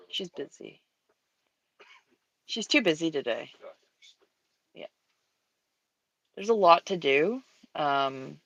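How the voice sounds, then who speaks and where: A woman hosting a casual painting stream, chatty and expressive. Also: deep voice, dry recording. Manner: chatty, expressive, talks to her cat. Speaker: stream host. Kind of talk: casual chat while painting. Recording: dry, dull lo-fi sound.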